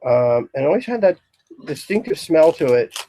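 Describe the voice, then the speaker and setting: A man giving a casual, rambling talk on incense in a shop, describing scents with many pauses. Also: on the high side, very animated, dark tone, a little hiss or hum, poor audio. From Philadelphia area, US. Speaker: incense store lecturer. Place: shop, indoors.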